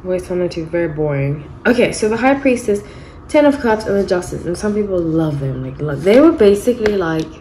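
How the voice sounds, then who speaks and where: This tarot reader, a woman in her thirties, talks briskly in a lowish, warm voice with lively intonation. She chats, rambles, and corrects herself frequently, on a low-quality recording with a little hiss or hum.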